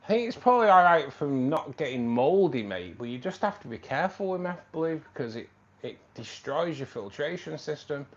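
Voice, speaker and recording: A man's voice: medium pitch, dull audio. A man hosting a casual livestream, chatting with viewers, calling them mate and reading out the chat, his voice a little tired. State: voice tiring. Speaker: livestream host. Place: home room.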